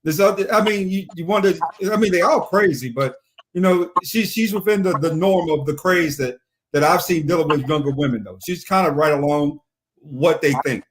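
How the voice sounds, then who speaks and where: A man's voice: fairly high pitch, moderate pace, slight background noise. A man talking as a guest in a casual chat, opinionated and rambling.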